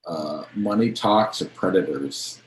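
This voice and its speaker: A very low-voiced man hosts a casual movie podcast with easy, dry humor. His voice sounds roomy, with a faint hiss behind it. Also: a little slow. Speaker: podcast host. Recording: roomy with faint background noise.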